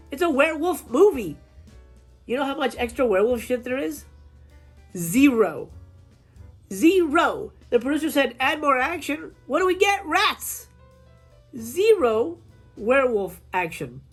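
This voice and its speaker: A woman's voice: high voice, unhurried, long pauses, soft background music. Ranting, swearing woman film reviewer. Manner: animated, swears a lot, acts out scenes in quoted voices. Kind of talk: casual, profane film review rant.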